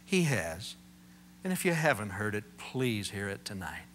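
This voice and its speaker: Lively, bright-voiced male preacher. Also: lowish voice, measured pace, a little hiss or hum. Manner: animated storytelling, acting out quotes with humor. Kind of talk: sermon.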